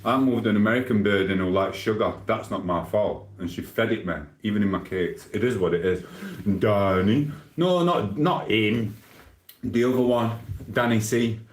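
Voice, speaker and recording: A man's voice: lowish voice, moderate pace, roomy sound. A man from England with a Sheffield accent, chatting casually on a live stream, reading viewer comments with rambling banter and laughs. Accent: Sheffield, Yorkshire.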